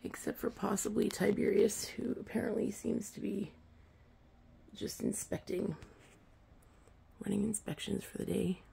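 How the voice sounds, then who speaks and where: A woman's voice: medium pitch, steady tone, measured pace, creaky, long pauses, mellow, slightly rough. A woman filming her cats on a phone, chatting to them affectionately in a casual pet vlog. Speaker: vlogger.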